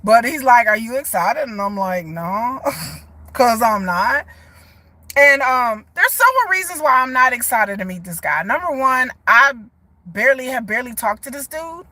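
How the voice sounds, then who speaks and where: A woman, chatting casually to her viewers on a phone live stream from inside a parked car, animated and talkative. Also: fairly high pitch, normal speed, no room sound. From Texas. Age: 40s. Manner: chatty, animated, often laughs and says y'all. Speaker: vlogger. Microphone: phone held at arm's length.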